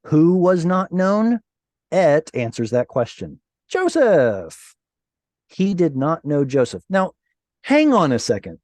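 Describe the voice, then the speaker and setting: Slow, mellow-voiced male Hebrew teacher. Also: mid-range voice, dry recording. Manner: patient, playful explaining with quizzing questions. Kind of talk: online Bible Hebrew lesson. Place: online class over video call.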